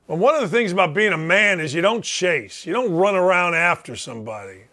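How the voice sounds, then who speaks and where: A man hosting a sports talk show, ranting in a loud, blustery, rambling way and turning combative. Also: high voice, lively intonation, a little fast. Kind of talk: opinionated sports radio rant.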